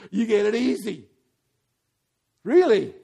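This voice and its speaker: A man preaching a sermon in a church, animated and playful, often putting questions to the congregation. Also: high voice, takes it slowly, vocal fry, breathy edge.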